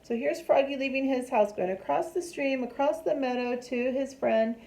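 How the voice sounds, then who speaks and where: A woman's voice: high voice, normal speed, a little mellow. A woman reading a picture book aloud to children, explaining the pictures and asking them questions.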